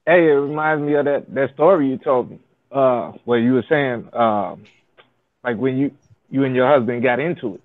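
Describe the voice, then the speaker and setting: A man's voice: mid-range voice, normal speed, no echo. A man speaking as a guest on a casual live panel chat, friendly and conversational. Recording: dull lo-fi audio.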